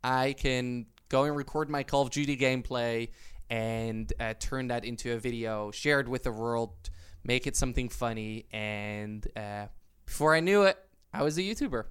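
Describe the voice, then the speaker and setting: A man's voice: medium pitch, moderate pace, smooth. A man in his twenties, a YouTuber guest, telling his story eagerly with lots of fillers and restarts. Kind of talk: casual interview chat.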